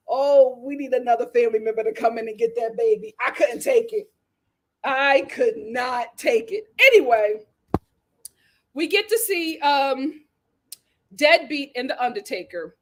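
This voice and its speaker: A woman hosting a casual reality TV recap, sassy and animated, laughing as she acts out what people said. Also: high-pitched, measured pace. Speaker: host.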